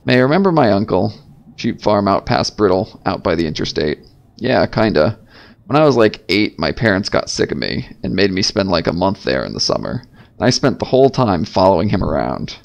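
A man voicing an excitable young male fox in a fan game dub, telling stories in a quick, eager way. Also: low-pitched, vocal fry, exaggerated voice. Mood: storytelling.

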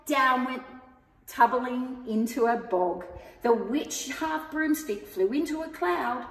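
A woman reading a rhyming picture book aloud to children, expressive and sing-song. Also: sits high, takes it slowly. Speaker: story time reader. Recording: echoey room with long reverb.

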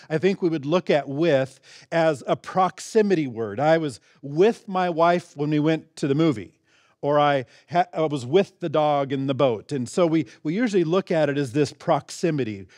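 A middle-aged man preaching a sermon in a slightly high voice, leaning hard on key words and leaping up in pitch for emphasis. He talks in an easy, conversational way, with restarts and quick asides. The sound is dry and close, with little room in it. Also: darkish tone, no room sound. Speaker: pastor. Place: church sanctuary.

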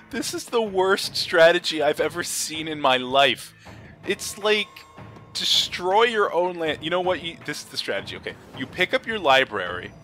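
A young man hosting a gaming video offers casual, excitable commentary on his own card game. He laughs and swears, his voice ranging from low mutters up to high yelps.

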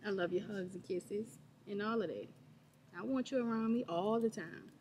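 A woman's voice: mid-range voice, moderate pace, darkish tone, slight background noise. A woman in a store, talking to a child in short, repeated bits and calling her baby. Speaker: vlogger pranking her goddaughter. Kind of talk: casual vlog talk to a child. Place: inside a store.

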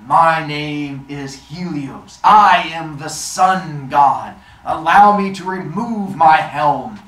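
A man voicing a giant sun god father with a deep, rumbly voice and slow, grand declarations. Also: fairly bright tone, roomy sound, low-quality recording.

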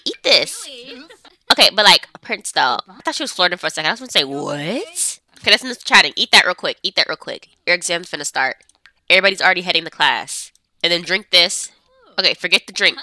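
Lively bright-voiced young woman gamer. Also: fairly low pitch, fast. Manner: chatty, talks to her game characters. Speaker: gameplay streamer. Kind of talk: casual gameplay commentary.

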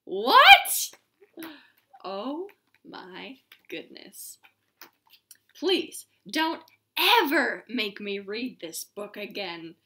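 A woman's voice: medium pitch, big pitch swings, very slow, fairly bright tone. A woman hosting a children's storytime, reading a silly book aloud in a playful, exaggerated way with goofy sound effects.

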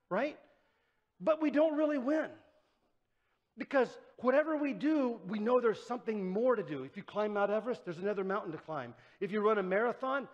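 A man's voice: sits high, muffled recording. A man preaching a sermon as pastor, in a conversational way, acting out the voices he quotes. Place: church. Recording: church sanctuary with long reverb.

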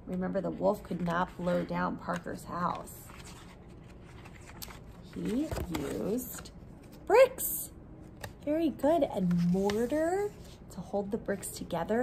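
A woman reading a picture book aloud to preschoolers as their teacher, gently asking questions and encouraging the children. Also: medium pitch, gravelly, a little hiss or hum, low-quality recording. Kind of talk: storytime read-aloud.

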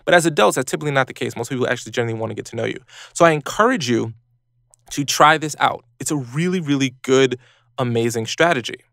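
Brief: male podcast host, gravelly, dry close sound, lively advice talk. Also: fast, no room sound. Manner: animated, acts out quoted people in high voices.

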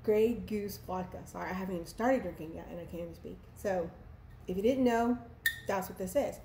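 A woman's voice: on the low side, fast, vocal fry, noisy background. A woman from Texas, chatting playfully and laughing at herself while she mixes a drink at home for her vlog. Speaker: vlogger. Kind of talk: casual cocktail how-to vlog. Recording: echoey room with faint ambience.

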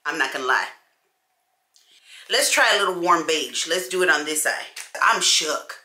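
A woman chats to camera in an animated, conversational way, calling her viewers y'all. Her voice sits a little low but sounds bright and forceful. The room is echoey around her. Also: normal speed. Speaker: beauty vlogger. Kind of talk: casual chat to camera.

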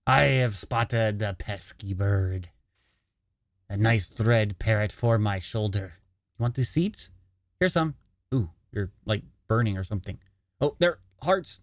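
A man's voice: medium pitch, unhurried, no echo. A man with an ordinary, mid-range voice chats his way through his own gameplay in a casual, playful manner. He drops into a jokey pirate voice now and then. The sound is close and dry, with no room around it. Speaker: gaming channel host.

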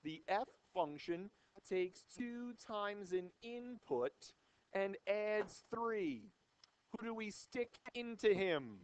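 A man's voice: high voice, lively intonation, slow, clear, resonant tone. A young male math teacher giving a jokey, playful lecture to a classroom of students on an old microphone. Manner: playful, wisecracking, theatrical.

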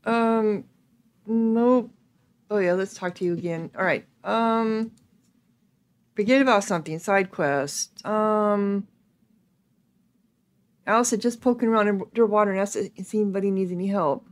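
A woman playing a video game and reading its text aloud, thinking out loud casually with hums and ums. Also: mid-range voice, unhurried, pauses often. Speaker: gaming video creator.

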